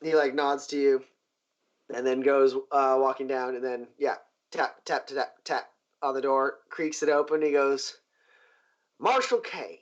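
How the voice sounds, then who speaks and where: Give me a relaxed man running a tabletop game, muffled lo-fi recording. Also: mid-range voice, a little slow. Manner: relaxed, many fillers, mimics sounds. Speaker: game master.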